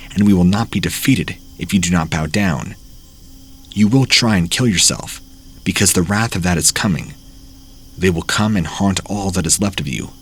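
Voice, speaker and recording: A man's voice: low voice, slightly rough. A man voicing a possessed young man who speaks for demons, in a threatening, menacing way, within a narrated horror story.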